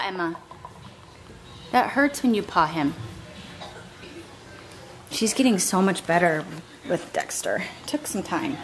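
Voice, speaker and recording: A woman's voice: lowish voice, lively intonation, slow, pauses often. Chatty young woman vlogging at home. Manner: chatty, laughing, coaxing her pets. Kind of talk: casual home vlog chat.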